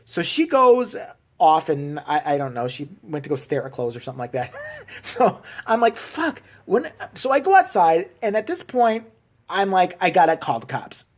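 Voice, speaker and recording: A man's voice: high-pitched, very animated, normal speed. A man from Chicago telling a story in a sarcastic, profane rant for his vlog. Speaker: vlogger. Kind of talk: ranting storytelling.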